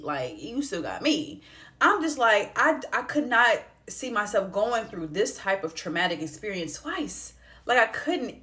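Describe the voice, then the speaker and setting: A young woman vlogger with a mid-range, fairly bright voice tells a heartfelt personal story. She speaks casually with slang, and the emotional storytelling brings her close to tears at times.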